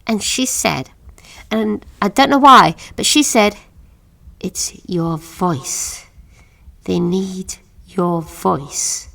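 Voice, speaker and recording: A haunted woman with a gravelly voice. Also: fairly high pitch, lively intonation, no room sound, full character voice. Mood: frightened. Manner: halting, hushed storytelling that sinks to whispers. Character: haunted woman recalling a childhood ward horror. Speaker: witness recounting an account. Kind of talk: audio drama monologue.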